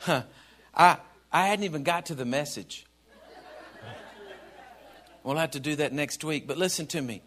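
Older pastor, high-pitched and bright, humorous sermon delivery with loud peaks. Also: male voice, a little slow, pauses often. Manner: humorous, swings from soft asides to shouts.

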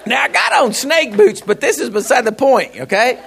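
A male pastor, telling a personal story in a sermon, laughing and animated. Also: extremely high pitch, moderate pace, vocal fry, a faint crowd, slight background noise.

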